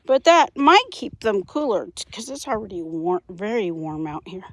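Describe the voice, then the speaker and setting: A woman's voice: medium pitch, normal speed, no room sound. A woman vlogging outdoors about her backyard chickens, chatting in a rambling way while doing chores and getting out of breath. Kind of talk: casual vlog.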